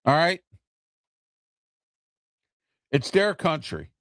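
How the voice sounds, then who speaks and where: A man hosts his own opinion show in a fairly high, insistent voice. He talks heatedly, goes back over the same points and keeps asking "okay?" The sound is dry and close to the mic. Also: wildly swooping pitch, normal speed, fairly bright tone, no room sound. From United States. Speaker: talk show host. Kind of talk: opinion talk show monologue.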